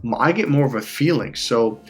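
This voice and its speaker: A man talks in a rambling, heartfelt way, stopping to laugh and catch himself as he fights back tears. His voice sits at an ordinary middle pitch, and soft music plays faintly underneath. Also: expressive, brisk. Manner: rambling, emotional, with frequent restarts and laughs. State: on the verge of tears. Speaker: life coach. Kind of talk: casual personal monologue.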